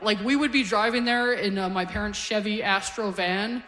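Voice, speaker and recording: A woman's voice: mid-range voice, moderate pace, fairly bright tone. A woman in her forties from Canada doing a stand-up set on stage, telling stories in a conversational way with punchy one-liners. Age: 40s. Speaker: stand-up comedian. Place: comedy stage before a live audience.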